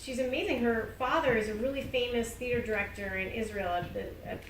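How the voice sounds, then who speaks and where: Woman, casual panel talk, chatty storyteller, a bit high, roomy hall, distant mic. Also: fairly quick, slight background noise. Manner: chatty, quotes people in dialogue, laughs often. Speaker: playwright on a panel. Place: theater.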